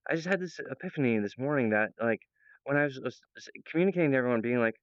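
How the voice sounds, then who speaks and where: A man's voice: mid-range voice, lively intonation, very fast, dry recording, lo-fi sound. A man talking earnestly and meandering to his viewers about his project, with many fillers and restarts. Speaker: presenter of his own project. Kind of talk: rambling monologue to viewers.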